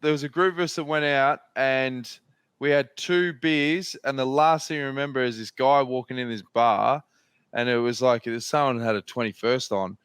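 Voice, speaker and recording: A man's voice: mid-range voice, fairly even intonation, normal speed, a bit bright, clean tone, dry recording. An Australian man spins loose, rambling anecdotes as a podcast host, swearing freely along the way. His voice sits mid-range and sounds close and dry, with no room around it. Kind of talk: casual storytelling chat.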